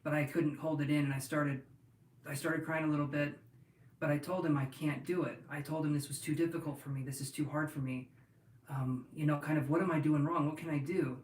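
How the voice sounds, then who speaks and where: A man with a slightly high voice rambles through a casual live-stream chat, addressing his viewers directly and restarting his sentences often. His voice rings in an echoey room and sounds set back from the mic. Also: steady tone, fairly quick, far from the mic, a little hiss or hum. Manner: rambling, talks straight to viewers, with many restarts. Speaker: tarot reader hosting a live stream.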